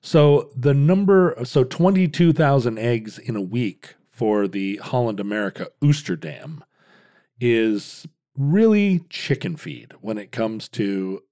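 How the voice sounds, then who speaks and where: A man in his fifties co-hosting a casual podcast, explaining at length in halting restarts with wry asides. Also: mid-range voice, animated, warm tone. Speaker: podcast co-host.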